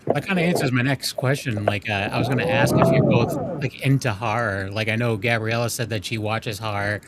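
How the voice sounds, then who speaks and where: A man's voice: mid-range voice, wildly swooping pitch, fairly quick, heavy background noise. A man hosting a podcast interview who talks casually, peppering his sentences with fillers. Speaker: podcast host.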